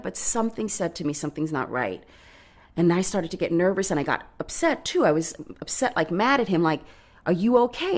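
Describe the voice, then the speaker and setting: A woman giving documentary interview testimony, retelling a phone call with emotion and quoted speech. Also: medium pitch. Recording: music bed under the voice.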